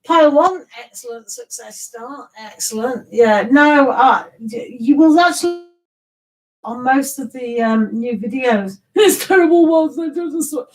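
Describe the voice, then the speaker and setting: A woman's voice: high-pitched, expressive, measured pace, low-quality recording. A middle-aged woman chatting casually with viewers as a tarot reader on a live stream, rambling and teasing with laughs.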